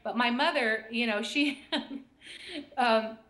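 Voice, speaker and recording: Brief: middle-aged American woman, bright-ish voice, chatty storyteller, echoey room. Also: fairly high pitch, slow pace. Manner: chatty, storytelling, laughs often. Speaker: guest, intuition teacher. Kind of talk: casual chat on a call-in show.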